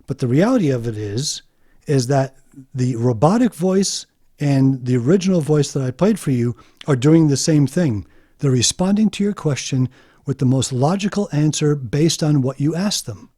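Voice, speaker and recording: A man hosting an explanatory video monologue, emphatic and deliberate, slowing down to stress key points. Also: on the high side, lively intonation, warm tone, breathy edge. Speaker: video host.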